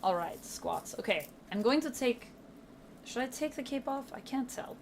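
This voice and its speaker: A woman's voice: a little high, animated, normal speed, vocal fry, slight background noise. A woman streamer chatting casually on a livestream, thinking aloud and asking herself questions as she goes.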